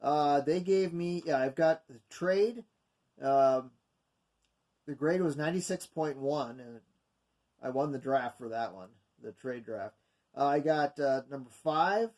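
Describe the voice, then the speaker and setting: A video host goes over mock drafts in casual, unscripted commentary, working through the picks from his notes. He rambles with lots of fillers and self-corrections, and his voice is fairly high-pitched and a little mellow.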